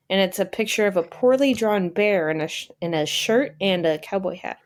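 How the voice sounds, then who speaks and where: A young adult woman co-hosting a podcast in casual chat, easygoing and quick to giggle. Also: medium pitch. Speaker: podcast co-host.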